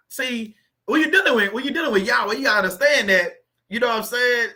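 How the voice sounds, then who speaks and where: Guy preaching to his channel, AAVE, high bright voice, talks to y'all like church. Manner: conversational preacher, repeats phrases, reads scripture slowly. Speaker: YouTube faith channel host. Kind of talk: informal preaching and scripture reading.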